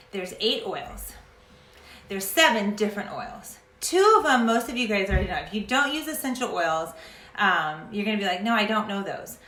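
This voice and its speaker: A woman's voice: mid-range voice, pushed and bright, reverberant. A woman talking casually to camera about essential oils in a chatty, passionate way that sometimes turns into a rant. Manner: chatty and passionate, ranting at times. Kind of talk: casual vlog talk to camera.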